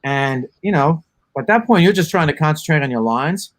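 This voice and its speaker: A man from the Bronx, chatting in an interview as a guest actor, pausing often on ums and uhs. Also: fairly high pitch, lively intonation, no room sound. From the Bronx, New York. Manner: halting, many ums and uhs. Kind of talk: casual interview chat.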